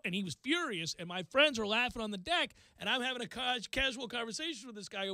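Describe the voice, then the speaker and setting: A male radio host telling a self-deprecating story in casual talk, acting out quotes with lively energy. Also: high voice, fast, few pauses, no room sound.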